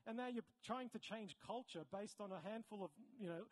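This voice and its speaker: An Australian preacher delivers a conversational sermon in a high, brisk voice, frequently correcting himself mid-sentence and launching into animated asides. The recording quality is poor.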